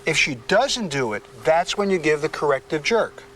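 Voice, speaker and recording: A man leads a hands-on dog training session, coaching in firm, clipped commands. His voice sits a little high. He is picked up from some distance outdoors, with faint traffic and ambience behind him. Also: lively intonation, normal speed, fairly bright tone.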